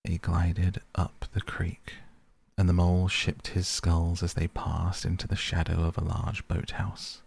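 A man reading a classic children's book aloud as a bedtime audiobook, in a slow, gentle storytelling manner. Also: deep voice, vocal fry. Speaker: podcast host and reader.

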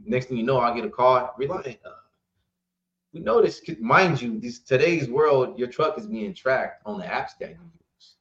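A man's voice: mid-range voice, normal speed. Guy running a trucking company telling stories, acts out the other people, kinda echoey dull recording. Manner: animated storyteller, acts out dialogue, laughs often. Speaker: trucking company owner, guest. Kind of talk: casual storytelling interview. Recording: roomy, slightly dull sound.

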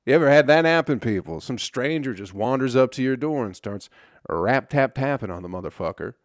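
A young man hosting a podcast tells a story in a relaxed, offhand monologue, swearing frequently. His medium-pitched voice is animated and brisk, with no echo.

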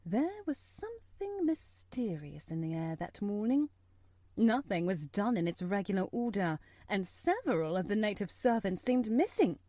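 A woman reading a story aloud as an audiobook narrator, measured and expressive. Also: mid-range voice, no echo.

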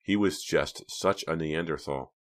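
A man narrating a teen thriller audiobook in an even, measured storytelling manner. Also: very deep voice.

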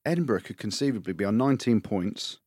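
Fast-talking man, low voice, jokey banter, dry close sound. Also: lively intonation, darkish tone, breathy edge, no echo. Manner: quick, teasing, jokey. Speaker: podcast co-host. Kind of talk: casual chat.

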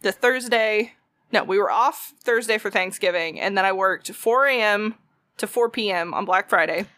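A woman's voice: medium pitch, normal speed, fairly bright tone, no echo, clean studio sound. A young woman, telling a story in casual chat, swearing freely and acting out quotes.

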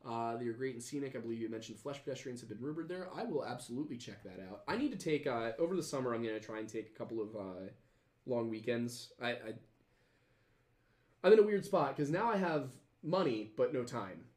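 A man's voice: medium pitch, expressive, a little fast, a little mellow, echoey room. A man hosting a podcast, chatting casually and reading viewer comments, rambling with many fillers and restarts. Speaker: podcast host.

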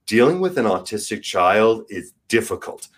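Man, forties, low-pitched, earnest, frank, emphatic in bursts. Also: sing-song, normal speed. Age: 40s. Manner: earnest, frank, swings between soft and emphatic. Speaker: guest. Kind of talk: candid podcast conversation.

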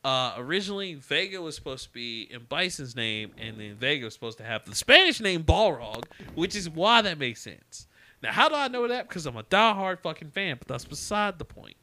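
A man co-hosting a podcast in casual chat, animated and quick to laugh as he rants about bad movies. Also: fairly high pitch. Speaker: podcast co-host.

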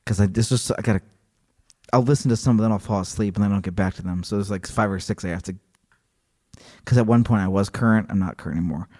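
Male podcast co-host, low voice, loose rambling casual delivery. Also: fast, a little mellow. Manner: rambling, many fillers and restarts. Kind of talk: casual chat.

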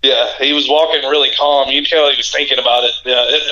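A man's voice: medium pitch, fairly even intonation, fast talker, bright, forceful tone. A man calling into a casual sports podcast as a guest, easygoing and stumbling over repeated words, on a dull lo-fi remote line.

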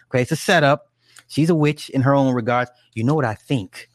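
A man's voice: mid-range voice, fairly even intonation, fast talker, dry recording, studio quality. A man casually retelling a story in a rambling, profane way, with frequent restarts and asides. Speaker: film recapper. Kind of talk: casual chat.

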